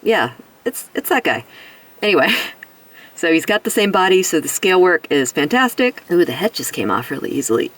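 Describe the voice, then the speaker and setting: A toy reviewer chatting through a casual action figure review while sick, with a rough voice and self-deprecating jokes. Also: mid-range voice, very animated, normal speed, fairly bright tone, recorded from a distance, low-quality recording.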